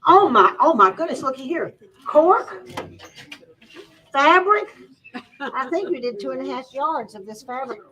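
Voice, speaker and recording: A woman with a high, bright voice tells a lively story to a crowd, laughing as she goes. She is picked up from some distance away in a shop. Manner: Southern-style folksy talk, laughing through her story. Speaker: sewing teacher and storyteller at a store event. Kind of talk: animated storytelling to a live audience.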